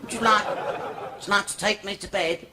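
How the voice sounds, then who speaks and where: A man voicing a brash, crude drunken woman of the night in a shrill, coarse way during a live stand-up set with audience laughter. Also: fairly even intonation, moderate pace, distant mic, close to an everyday voice. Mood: flirting. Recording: live club with crowd laughter.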